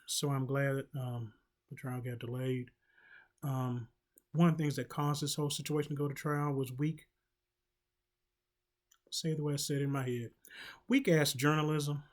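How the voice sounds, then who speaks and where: A man delivers a casual commentary monologue at an unhurried, deliberate pace. He fills his pauses with ums and restarts, and drops in wry joking asides along the way. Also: medium pitch. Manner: slow, halting, with many filler ums and wry asides. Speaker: commentary channel host.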